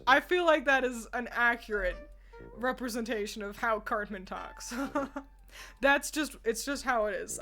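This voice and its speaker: A woman's voice: high voice, fairly bright tone. A young woman streamer chatting casually with her viewers, laughing often as she ranks characters. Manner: giggly, laughs often, talks to chat. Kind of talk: casual chat.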